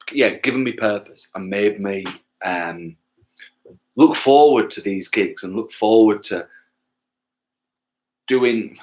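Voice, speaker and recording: Male musician from England, livestream host, mid-pitched, loose and rambling, casual swearer, self-deprecating. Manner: rambling, loses his thread, swears casually, self-mocking. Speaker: musician hosting a livestream gig. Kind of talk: casual chat to livestream viewers.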